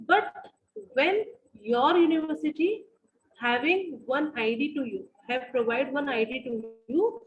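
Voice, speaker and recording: High-voiced woman with an Indian English accent lecturing online. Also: unhurried, lo-fi sound. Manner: repeats phrases, many fillers, asks the class questions. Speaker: university lecturer.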